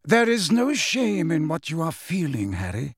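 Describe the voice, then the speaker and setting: A man reading an audiobook, voicing a calm, gentle old wizard headmaster who speaks slowly. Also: fairly high pitch, breathy edge, dry recording, studio quality, exaggerated voice. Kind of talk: audiobook character voice.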